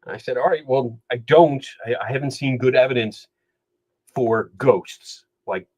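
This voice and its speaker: A man in casual podcast chat, recounting his cases as a skeptical investigator. He tells his stories with animation and slips into the voices of the people he quotes. His voice sits at an ordinary middle pitch. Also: normal speed, low-quality recording. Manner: animated storyteller, acts out quoted dialogue. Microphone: studio microphone.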